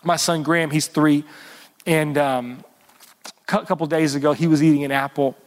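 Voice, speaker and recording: A man's voice: fairly high pitch, steady tone, moderate pace, big-room sound. A man preaching a sermon as pastor, earnestly stretching out key words and calling for responses from the congregation. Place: church service.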